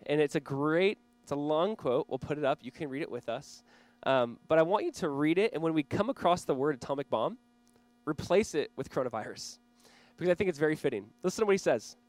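A man's voice: fairly high pitch, animated, fairly quick, darkish tone, no room sound. A man in his thirties preaching a sermon as pastor, conversational and earnest, with small laughs and restarts.

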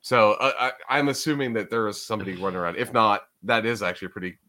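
Man, podcast co-host, casual chat, lowish voice, swears freely. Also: very fast, pushed and bright. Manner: casual, swears freely, laughs while talking.

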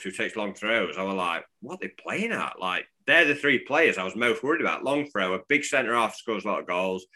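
A man's voice: lowish voice, bright, forceful tone. A man from England co-hosting a casual football podcast, rambling and restarting his sentences. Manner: rambling, restarts often, chuckling. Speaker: podcast co-host.

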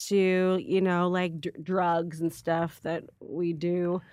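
A woman's voice: lowish voice, little pitch movement, slow, a little mellow, no room sound, studio quality. A woman comedian telling rambling stories in a casual podcast chat, full of filler words. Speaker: stand-up comedian guest.

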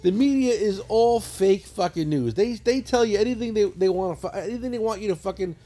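A middle-aged man hosting a casual podcast, telling stories in a profane, animated way. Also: high voice, a little fast. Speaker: podcast host. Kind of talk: casual chat.

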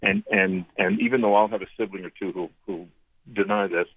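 A man in his fifties tells family anecdotes as a radio guest, often restarting his sentences. His voice sits fairly low and sounds husky. It comes through a thin, tinny phone line with a dry sound. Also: brisk, no room sound. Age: 50s. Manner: lively anecdotal storyteller with frequent restarts. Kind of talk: storytelling on a call-in interview.

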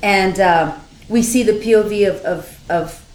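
A woman's voice: mid-range voice, unhurried, a little mellow, echoey room, poor audio. A woman in casual chat, retelling a film's plot and acting out lines in put-on voices. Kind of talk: casual movie recap chat.

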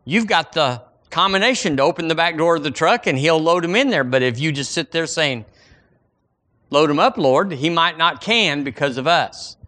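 A man's voice: fairly high pitch, animated, normal speed, few pauses, sharp tone. A male pastor preaching a folksy, emphatic sermon, acting out imagined prayers to the Lord.

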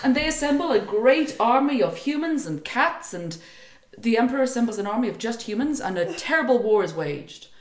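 Animated woman telling a folk tale. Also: fairly high pitch, brisk, few pauses, echoey room. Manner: animated, acts out voices, laughs often. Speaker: podcast co-host retelling a folk tale. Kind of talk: casual storytelling.

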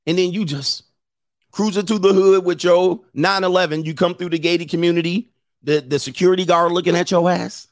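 A man's voice: high-pitched, fairly even intonation, a little fast, no room sound, clean studio sound. A middle-aged man hosting a livestream, telling stories casually, laughing often and acting out other people's voices. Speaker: livestream host.

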